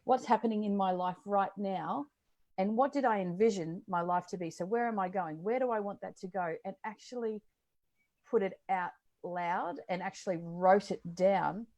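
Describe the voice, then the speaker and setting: Encouraging woman co-host, mid-pitched, casual chat with fillers. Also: moderate pace, darkish tone. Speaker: co-host and coach.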